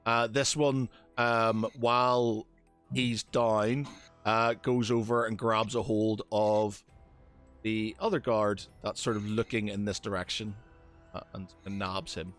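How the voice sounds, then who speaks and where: Man running a tabletop game, low and slow, stumbling through fillers, faint music behind. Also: steady tone, fairly bright tone. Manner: hesitant, many fillers and restarts. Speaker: game master.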